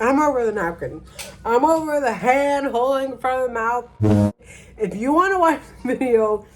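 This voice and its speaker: A woman talks through a casual vlog at an unhurried, drawn-out pace, a bit tipsy. She rambles, mocks herself and loses her thread before starting over. Faint music plays quietly in the background. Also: on the high side. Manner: rambling, self-mocking, trails off and restarts. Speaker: vlogger.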